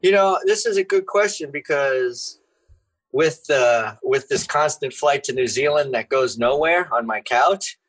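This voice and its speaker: A man's voice: mid-range voice, animated, unhurried, a bit bright, rough recording. Loose, foul-mouthed man chatting. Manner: loose, profane, laughing. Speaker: podcast guest. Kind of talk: casual chat.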